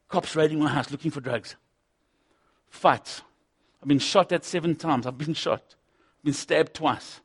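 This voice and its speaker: A middle-aged man preaching a sermon, impassioned, swinging from loud urgency to hushed intensity. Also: mid-range voice, slightly rough.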